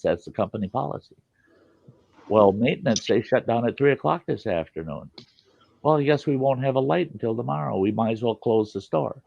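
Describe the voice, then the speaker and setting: Male podcast host, casual and profane storyteller, very animated pitch, dry lo-fi sound. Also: creaky, dry recording. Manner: blunt, profane storyteller who acts out quoted voices.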